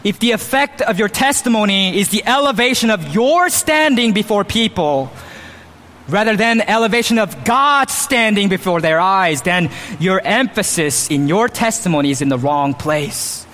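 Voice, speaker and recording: A man's voice: lively intonation, moderate pace, a bit bright. A man preaching a sermon as pastor, emphatic, at times mimicking boastful speech. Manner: emphatic, acts out quoted boasts with raised pitch. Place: church. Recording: long reverb of a church hall.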